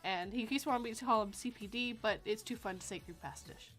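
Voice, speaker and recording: A woman's voice: fairly high pitch, fast talker, a bit bright, soft background music. A woman hosting a casual podcast chat, chatty and giggly. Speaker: podcast host.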